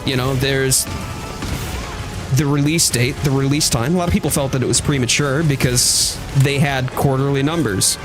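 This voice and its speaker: A man's voice: mid-range voice, steady tone, normal speed, music in the background. A man streaming a game, chatting casually and thoughtfully with his viewers while he plays. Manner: thoughtful, hedging, reads chat aloud. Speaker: gaming streamer. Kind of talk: casual live-stream chat.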